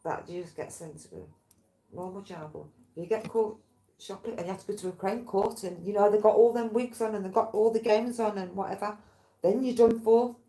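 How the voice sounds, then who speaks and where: A woman's voice: medium pitch, a little fast, warm tone. A woman in casual chat, telling meandering, tangent-hopping stories and swearing freely. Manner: rambling, tangential storytelling with swearing. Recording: roomy, faint background ambience.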